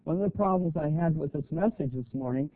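An older man preaching an earnest, plain-spoken sermon to a congregation, with halting restarts. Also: a little high. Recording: tinny phone-like audio.

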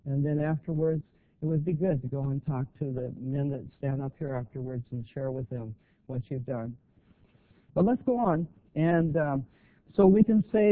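Earnest older man preaching, tinny sound. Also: mid-range voice. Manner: earnest, plain-spoken, with halting restarts. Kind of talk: sermon. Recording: tinny phone-like audio.

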